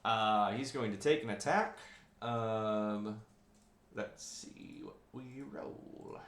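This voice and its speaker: A man narrating and running a tabletop game as game master, relaxed and halting with fillers. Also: lowish voice, vocal fry, slight background noise. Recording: roomy echo.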